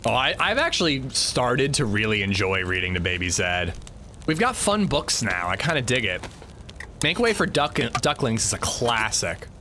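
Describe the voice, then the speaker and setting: A man streaming a survival game with a bright, forceful voice that swings up and down as he chats and rambles. He answers chat loosely and casually over a faint hum of background noise. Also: mid-range voice, big pitch swings, normal speed. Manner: chatty, rambling, reads chat aloud. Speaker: livestreamer. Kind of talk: casual chat while gaming.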